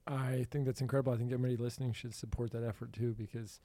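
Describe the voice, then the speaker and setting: A man hosting a podcast in casual chat, animated and laughing often. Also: medium pitch, very fast, no echo. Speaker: podcast host.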